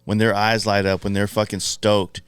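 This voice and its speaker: A man co-hosting a casual podcast, reflective and measured, swearing now and then. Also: on the low side, level tone, clean tone, no echo. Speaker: podcast co-host. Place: motorcycle shop.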